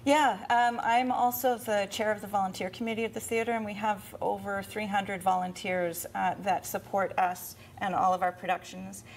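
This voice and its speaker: A woman's voice: medium pitch, steady tone, normal speed, vocal fry, hardly any pauses, slight background noise. Woman explaining at length, with fillers. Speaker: volunteer committee chair at a theatre. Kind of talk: explanatory interview talk.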